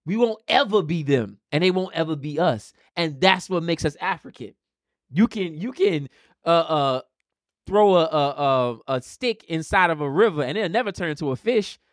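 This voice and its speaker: A man's voice: fairly high pitch, expressive, normal speed, dry recording, clean studio sound. A man on a podcast making his point with emphatic, preachy repetition. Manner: emphatic, preachy, repeats key phrases. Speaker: podcast co-host. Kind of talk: casual podcast discussion.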